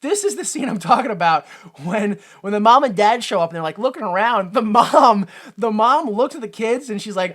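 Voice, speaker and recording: A woman's voice: a little high, lively intonation, moderate pace, a bit bright. A woman co-hosting a podcast, casually recapping a movie in a rambling way with sarcastic asides. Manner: rambling, filler-heavy retelling with sarcastic asides. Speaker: podcast co-host.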